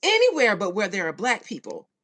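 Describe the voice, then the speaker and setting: A woman hosting a podcast in a casual chat with listeners, laughing a lot and swinging between hushed asides and loud outbursts. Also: mid-range voice, wildly swooping pitch, a little fast. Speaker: podcast host.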